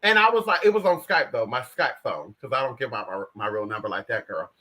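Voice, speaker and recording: An American woman vlogging in casual chat, brash and profane, swinging between loud outbursts and low asides. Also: expressive, a little fast, slightly rough. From United States. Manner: brash, profane, addresses viewers as girl and bitch.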